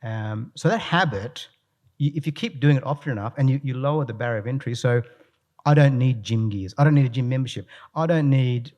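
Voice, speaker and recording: A man's voice: mid-range voice, fairly quick. Aussie guy talking to a crowd, storytelling, keeps restarting his sentences. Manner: animated storyteller, frequent restarts. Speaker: guest speaker, leadership coach. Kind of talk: live talk with anecdotes. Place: room with a live audience.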